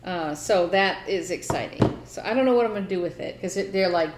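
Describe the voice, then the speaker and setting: A woman's voice: on the low side, a little fast, hardly any pauses, noisy background. A woman co-hosting a casual crafting chat, talking in a chatty way with many fillers and easy laughs. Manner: chatty, laughs easily, lots of "you know". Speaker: podcast co-host. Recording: roomy echo.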